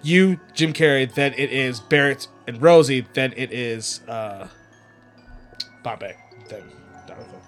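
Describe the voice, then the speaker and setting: A man running a casual tabletop game as game master, giving relaxed, matter-of-fact rulings. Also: mid-range voice, measured pace, soft background music.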